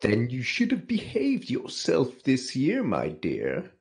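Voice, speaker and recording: A man's voice: a bass voice, fairly even intonation, slow, reverberant, heavily acted. A man voicing the Grinch, a cruel and mocking villain, in a sneering tone.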